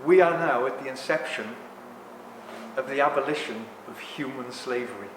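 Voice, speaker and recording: A man in his sixties talking to a live audience in a rambling, animated way, often apologizing for ranting. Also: mid-range voice, moderate pace, very noisy. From England. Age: 60s. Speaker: speaker at a talk. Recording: echoey hall with long reverb.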